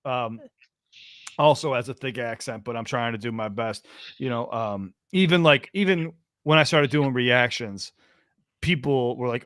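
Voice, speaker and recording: An American man hosting a call-in podcast, talking casually and excitedly, often restarting his phrases. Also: mid-range voice, normal speed, clean tone, no room sound, clean studio sound. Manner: chatty, repeats himself and restarts phrases. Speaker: podcast host taking calls.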